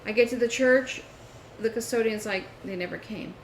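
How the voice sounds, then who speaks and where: A woman on a chat show tells a story with lively energy and plays both sides of a phone call. The room is roomy and echoey, with a faint hiss underneath. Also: fairly high pitch, moderate pace. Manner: animated storytelling, acts out phone calls. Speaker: podcast co-host. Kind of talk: casual chat.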